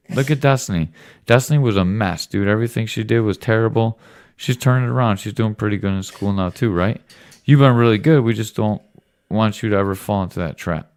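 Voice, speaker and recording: A man's voice: lowish voice, a little mellow, clean tone. A man talking casually as a father hosting a home podcast with his son, teasing and joking with him. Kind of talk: casual late-night chat.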